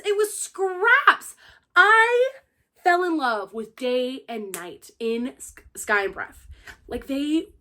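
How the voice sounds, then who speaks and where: A young woman giving a casual spoiler-filled book review, gushing and acting out the characters' lines with lots of "like". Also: mid-range voice. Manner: peppers her speech with "like".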